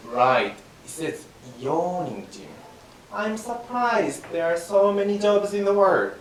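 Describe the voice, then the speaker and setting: A man's voice: high-pitched, very animated, slow, distant mic, full character voice. A man voicing an exasperated male friend who scolds and mocks his hapless companion, in rakugo storytelling. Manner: chiding, exasperated. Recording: very echoey room from afar, faint hiss.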